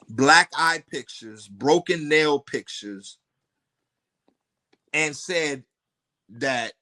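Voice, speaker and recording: A man tells a story as a podcast guest, blunt and full of curses. His voice sits somewhat high and sounds bright and forceful, and it keeps spiking into sharp outbursts. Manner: animated, profane, blunt storytelling with rising outbursts.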